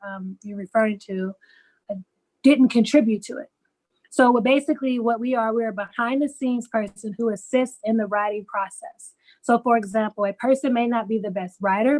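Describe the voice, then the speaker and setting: A woman's voice: on the high side, rough recording. A woman guest who explains her work in an upbeat, casual way, laughing now and then. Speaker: ghostwriter guest.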